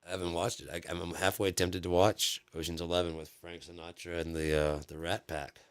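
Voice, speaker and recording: A man's voice: sits low, flat delivery, brisk, clean tone, dry recording. A man chatting casually as the host of his channel, rambling, swearing often and repeating himself. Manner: profane, rambling, lots of fillers and repeats.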